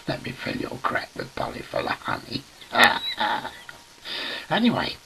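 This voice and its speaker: A man's voice: sits low, huge pitch swings, unhurried, creaky, very noisy. An older man telling a rambling anecdote to camera, chuckling through his words and swearing freely. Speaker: storyteller.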